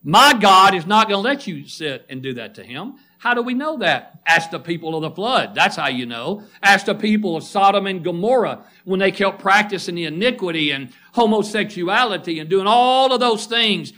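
Forceful high-voiced male preacher. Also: animated, moderate pace, hardly any pauses. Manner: emphatic, quizzes the congregation with questions; calls out listeners by name. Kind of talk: sermon.

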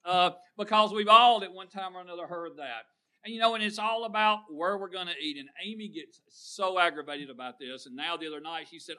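A man's voice: sits high, brisk, sharp tone. A middle-aged man preaching a sermon, telling folksy stories and asking the congregation questions.

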